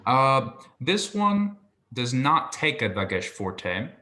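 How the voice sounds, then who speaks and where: Bright-voiced, patient male Hebrew tutor. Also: medium pitch, sing-song. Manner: patient, encouraging, models pronunciation slowly. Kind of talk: one-on-one language lesson.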